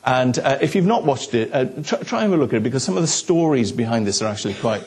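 A man's voice: medium pitch, very animated, quick pace, a little mellow. A man, from Wales, preaching a sermon as pastor and telling stories with asides to the congregation. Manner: chatty storytelling with asides to the congregation.

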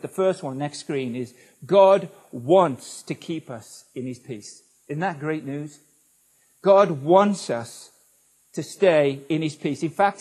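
A man's voice: fairly high pitch, a little mellow. A man preaching a sermon, emphatic and repetitive, speaking directly to his congregation. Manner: emphatic, repeats key words, addresses congregation directly. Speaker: pastor.

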